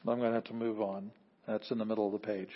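A man teaching a Greek grammar class, explaining plainly and leading students through a slow read-aloud. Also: on the low side, little pitch movement, a little hiss or hum. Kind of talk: classroom lecture. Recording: dull lo-fi classroom recording.

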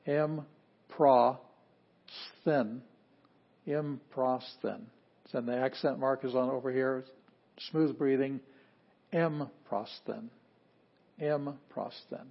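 A man giving an informal lesson on Greek pronunciation, relaxed and self-correcting, repeating words slowly to demonstrate them. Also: mid-range voice, highs cut off. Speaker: Greek teacher. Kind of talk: informal classroom lecture.

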